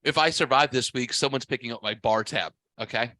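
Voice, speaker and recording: A man in his forties telling a story on a casual podcast in a blunt, profane, animated way. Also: medium pitch, fairly quick, no echo. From half white, half Mexican heritage. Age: 40s. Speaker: podcast host.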